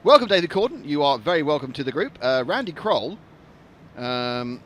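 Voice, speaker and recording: A man's voice: on the high side, big pitch swings, moderate pace. A man, chatting and joking as a live racing stream commentator. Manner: chatty, jokey, rambling.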